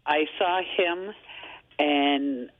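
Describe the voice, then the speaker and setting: An older woman calls in to a radio show and tells her story in stops and starts. She wanders as she goes and restarts her sentences. Her voice comes through a thin, tinny phone line. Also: low voice. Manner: halting, rambling telling. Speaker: caller. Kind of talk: phone-in chat.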